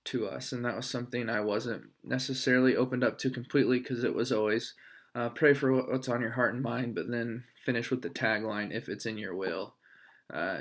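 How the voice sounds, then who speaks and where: A young man, a student, recording a discussion post in a thoughtful, halting way with many fillers. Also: mid-range voice, a bit bright.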